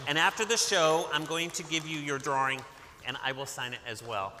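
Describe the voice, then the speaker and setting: A man's voice: on the high side, normal speed, long pauses, over a noisy crowd, heavy background noise. A man from Massachusetts who reads a picture book aloud to children, coaxing them into call-and-response. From Massachusetts, USA. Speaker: author reading to children. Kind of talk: interactive picture-book reading. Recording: long hall reverb.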